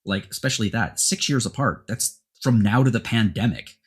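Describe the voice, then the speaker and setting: Husky-voiced male podcast host. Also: lowish voice, normal speed. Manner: rambling, animated opinions. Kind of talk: casual chat.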